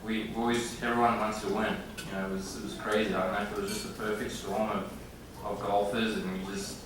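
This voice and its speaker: Low-voiced man giving a halting speech in an echoey hall. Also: little pitch movement, distant mic. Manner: halting, with many pauses and filler sounds. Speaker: hall of fame inductee. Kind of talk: acceptance speech. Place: large indoor banquet room. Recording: echoey banquet hall from afar with room noise.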